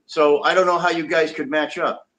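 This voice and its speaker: A man's voice: fairly high pitch, flat delivery, normal speed, fairly bright tone. A man co-hosting a casual podcast chat, teasing and cracking jokes. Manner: teasing, joking. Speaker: co-host.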